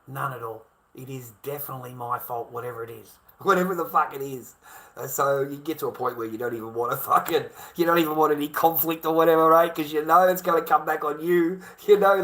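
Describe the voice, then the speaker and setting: A man's voice: mid-range voice, a bit bright. A man with an Australian accent talking casually to camera, blunt and heavily profane, circling back with repeated rhetorical questions.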